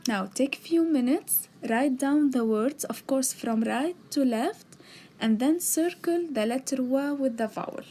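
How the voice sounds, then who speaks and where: Slow, patient woman teaching letters. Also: high voice, mellow, slight background noise. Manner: patient, drawn-out sounding of letters. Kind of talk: slow explanatory lesson narration. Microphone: tablet microphone.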